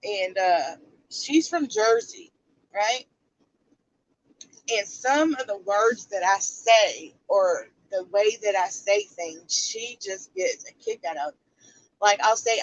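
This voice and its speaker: A woman's voice: medium pitch, sing-song, slow, lo-fi sound. Blunt woman on a livestream. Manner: blunt, rhetorical questions to viewers. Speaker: livestream commentary host. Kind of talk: casual livestream commentary.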